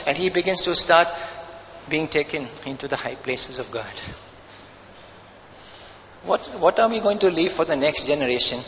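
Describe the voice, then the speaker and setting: A man's voice: fairly high pitch, moderate pace, long pauses, pushed and bright, in a large hall, poor audio. A man preaching a sermon as pastor, emphatic and full of rhetorical questions.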